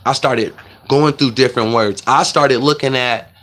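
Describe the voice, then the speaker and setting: A man's voice: medium pitch, normal speed, a bit bright. A young man, talking earnestly and at length to his viewers, rambling and addressing them as y'all. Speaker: vlogger. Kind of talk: casual monologue to camera.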